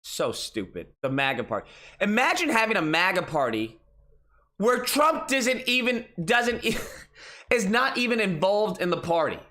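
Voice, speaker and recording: Male commentary host, lively pitch, exasperated and profane, mocking tone. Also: moderate pace. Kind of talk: casual ranting commentary.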